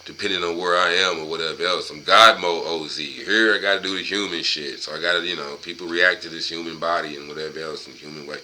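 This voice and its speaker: A man's voice: low-pitched, fairly even intonation, fast talker, hardly any pauses, bright, forceful tone, a little hiss or hum, low-quality recording. A man casually reading from a book aloud and going off on long profane, rambling tangents.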